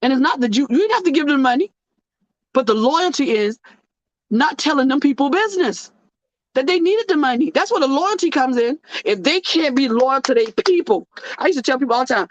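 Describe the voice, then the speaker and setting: Speaking a little fast in a high voice, a woman runs through a casual, preachy monologue on her own show, lively and joking with the rhythm of a sermon. There's no echo; the sound is dry, dull and lo-fi.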